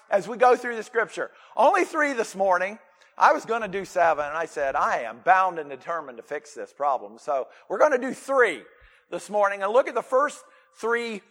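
Man, pastor, sermon, high voice, emphatic, restarts, long hall reverb. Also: fairly bright tone. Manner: emphatic, with repeated restarts and stressed single words.

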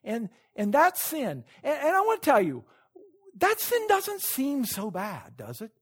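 Animated storytelling male pastor preaching. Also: very high voice, unhurried, slightly rough. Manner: storytelling, animated with sudden loud peaks and quiet asides; laughs at his own points. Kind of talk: sermon.

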